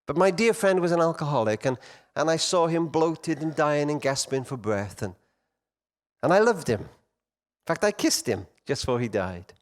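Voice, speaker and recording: A middle-aged man speaks from a stage to a hall of men, his voice rising high and dropping low as he tells his stories. His pitch sits fairly high for a man and moves very freely. He swings between loud emphasis and near-hushed lines. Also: expressive, normal speed. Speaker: conference speaker. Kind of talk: storytelling talk to men.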